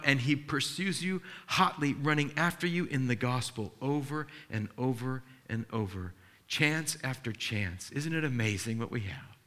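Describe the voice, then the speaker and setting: Bright-voiced, earnest male pastor preaching. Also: mid-range voice. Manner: animated storytelling, acting out dialogue; earnest and emotional. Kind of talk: sermon.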